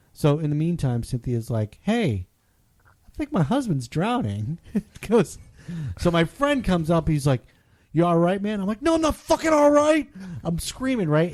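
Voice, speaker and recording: A man co-hosting a podcast, telling a story in a casual, animated way and loudly acting out what people said. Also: medium pitch. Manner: animated, acts out quotes loudly. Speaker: podcast co-host.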